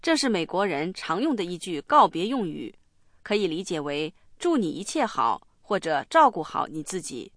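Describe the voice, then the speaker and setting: A woman hosting a language lesson, explaining clearly and instructively. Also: lowish voice, big pitch swings, moderate pace, no echo, studio quality.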